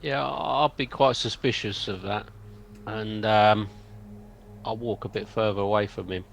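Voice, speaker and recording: A man playing a tabletop game, talking in a halting, hesitant way. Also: lowish voice, steady tone, gravelly, a little hiss or hum. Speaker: player. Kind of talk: casual tabletop game play.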